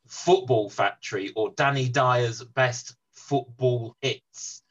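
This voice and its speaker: A man co-hosting a casual film podcast, talking with hesitant pauses. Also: medium pitch, highs cut off. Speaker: podcast co-host. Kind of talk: casual chat.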